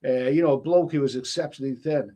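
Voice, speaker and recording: A man's voice: medium pitch, fast talker, warm tone. Scouse man chatting on a live stream. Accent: Liverpool (Scouse). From Liverpool, England. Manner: chatty, rambling, frequent restarts, says "mate". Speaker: travel vlogger hosting a live stream. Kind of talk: casual live-stream chat reading viewer comments.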